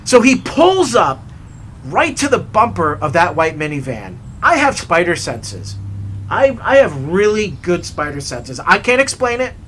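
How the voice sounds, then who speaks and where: Bright, lively man telling a story. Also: high voice, unhurried, a little hiss or hum. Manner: animated, chatty storyteller. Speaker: hiking vlogger. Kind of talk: storytelling while hiking. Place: outdoors on a trail.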